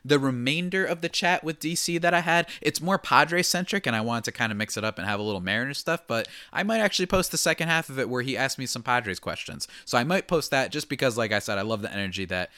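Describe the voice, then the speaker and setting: A man's voice: mid-range voice, lively intonation, fast talker, few pauses, sharp tone, no echo, clean studio sound. A young man hosting a podcast, talking energetically and rambling with lots of fillers. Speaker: podcast host. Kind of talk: casual podcast chat.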